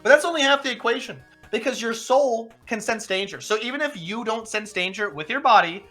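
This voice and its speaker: With soft music in the background, a streamer acting as game master in a tabletop role-play voices a strict male combat teacher. In a sharp, medium-pitched voice that is a little fast with lively intonation, he lectures using rhetorical questions and dry humor.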